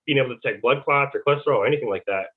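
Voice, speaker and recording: A man, a former Navy serviceman, telling his story as a podcast guest in a halting, rambling way. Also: medium pitch. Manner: rambling, halting, retells dialogue. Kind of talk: casual interview storytelling. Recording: tinny phone-like line.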